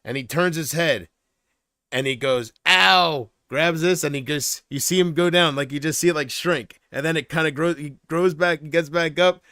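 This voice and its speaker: A man's voice: fairly high pitch, a bit bright, smooth, no echo, clean studio sound. A man chatting casually on a livestream from home, rambling and hesitant, often trailing off.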